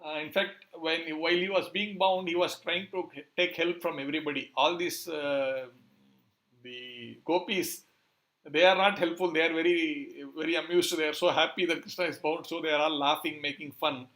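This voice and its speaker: Male preacher, fairly high voice, halting delivery with many fillers. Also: fairly even intonation, pushed and bright. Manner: hesitant, many fillers, searching for words. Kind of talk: scripture storytelling talk.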